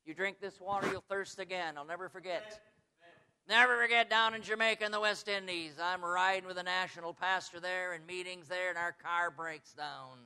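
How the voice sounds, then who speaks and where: High-voiced preacher man shouting emphasis. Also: fairly even intonation, normal speed, clean tone. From United States. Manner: swings from soft asides to shouted high emphasis. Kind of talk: sermon.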